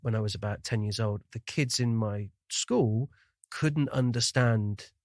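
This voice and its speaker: A man who grew up in the Shetland Islands and speaks with a faded, neutral accent, hosting a podcast in casual chat, self-deprecating and quick to laugh. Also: fairly low pitch, no echo, studio quality. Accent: neutral, faded Scottish. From Shetland Islands, Scotland. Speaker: podcast host.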